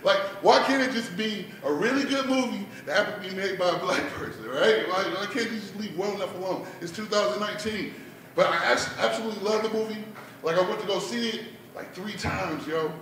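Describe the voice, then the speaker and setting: Bright-voiced man doing stand-up in an echoey bar. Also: sits high, a little fast, slight background noise. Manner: laid-back, peppers lines with "man" and "like". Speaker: stand-up comedian at an open mic. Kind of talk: stand-up comedy set. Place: bar performance room. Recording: echoey room, mic heard from a distance.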